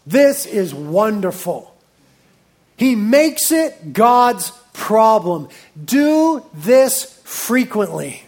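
A middle-aged male pastor preaching a sermon, reading scripture aloud and breaking into lively asides. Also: high-pitched, extremely slow.

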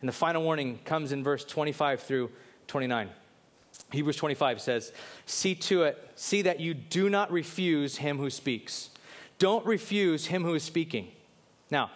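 A man preaching a sermon, swinging from loud emphatic questions to low, quiet lines and acting out biblical characters in quick asides. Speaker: pastor.

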